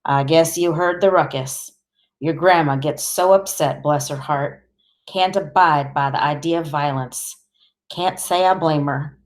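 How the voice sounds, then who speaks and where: Woman reading old gruff grandpa, ex-soldier, low voice, audiobook. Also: unhurried. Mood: weary. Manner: stern, then soothing and weary.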